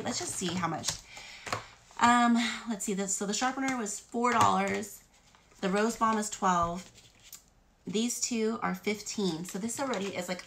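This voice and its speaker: A woman's voice: fairly low pitch, gravelly, a bit bright, a little hiss or hum. A woman vlogger chatting casually about free beauty products, rambling with frequent fillers. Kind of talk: casual haul chat.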